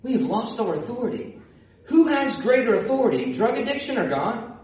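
A man's voice: very high-pitched, sing-song, fairly quick, darkish tone. A male pastor preaching a sermon, telling stories and building to emphatic repeated calls. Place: church sanctuary. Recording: echoey church hall, distant mic.

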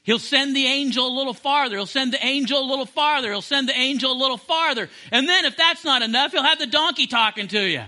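A male preacher with a high, sharp, tense voice delivers an impassioned sermon. He loops back over phrases and restarts lines as he drives each point home. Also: quick pace, few pauses. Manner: impassioned, repeats phrases and restarts mid-sentence.

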